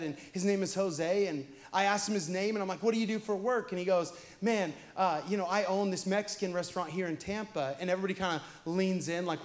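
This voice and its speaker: A young man with a high, light voice preaches. He tells his stories casually and chattily, then climbs to loud, shouted points for the congregation. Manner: conversational storytelling, swinging to shouted emphasis. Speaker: pastor. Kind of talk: sermon.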